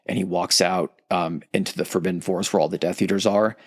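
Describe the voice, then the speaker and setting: A man's voice: sits low, fairly even intonation, quick pace, dry recording, clean studio sound. A podcast host in casual chat, loosely retelling a story and acting out the quotes in his own voice.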